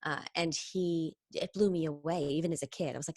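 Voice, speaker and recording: A woman singer chatting in an interview, telling stories quickly and animatedly, full of tangents. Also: lowish voice, no room sound, clean studio sound. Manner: fast, animated storytelling with tangents and laughs. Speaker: singer and impressionist, interview guest. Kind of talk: casual interview chat.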